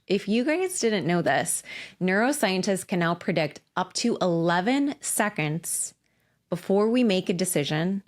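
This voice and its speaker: A woman in her forties hosting a casual solo podcast, candid and emphatic, swearing freely as she talks. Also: fairly low pitch. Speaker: podcast host and coach.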